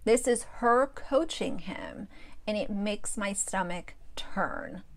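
A woman's voice: medium pitch, expressive, slow, noisy background. A woman giving blunt, indignant commentary on a video clip. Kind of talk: reaction commentary.

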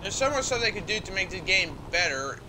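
A man streaming a video game, chatting casually in a rambling, halting way with lots of fillers and restarts. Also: high-pitched, very animated, noisy background. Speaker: gaming livestreamer. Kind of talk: casual gameplay commentary.

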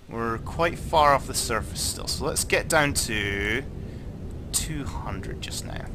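A young Scottish man commentating on his own gameplay, tipsy, sweary and jokey, swinging between muttering and excited shouting. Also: medium pitch, noisy background. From Scotland. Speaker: gaming YouTuber.

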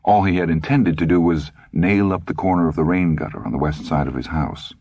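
A man's voice: low-pitched, a little fast, darkish tone, no room sound, muffled recording. A man reading a novel aloud as an audiobook narrator, with a dry, wry storytelling manner.

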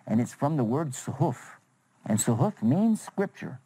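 Animated man telling a religious story. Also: medium pitch, unhurried, husky, rough recording. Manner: animated, chatty, asks listeners questions. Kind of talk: storytelling lesson for children.

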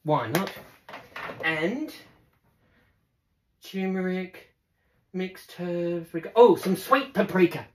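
Woman, casual cooking host, lower voice with lively melody, playful sing-song asides. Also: slow pace, pauses often, a little hiss or hum. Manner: chatty, laughs often, talks to viewers. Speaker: cooking demonstrator.

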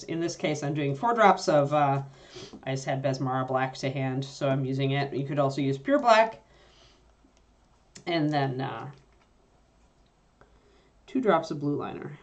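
A woman casually teaching miniature painting, thinking aloud with fillers as she mixes paints at her workspace. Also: low voice. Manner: chatty, thinks aloud with fillers while working.

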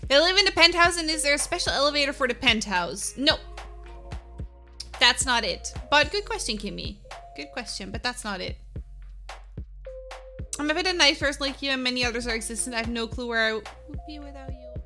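Woman streamer, animated, sharp bright tone; upbeat, answers viewers by name. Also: sits high, fairly quick, pauses often, soft background music. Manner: upbeat, laughs often, answers chat by name. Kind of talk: casual chat with live viewers.

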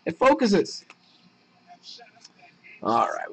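A young man chatting casually while opening trading card packs on a live break, excited at the hits and muttering asides. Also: a little high, normal speed, pauses often, poor audio.

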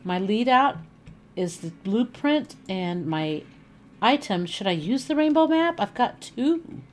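At a slow pace and medium pitch, a woman chats casually while livestreaming a video game from her living room. She's animated and talkative, voicing her thoughts as she plays.

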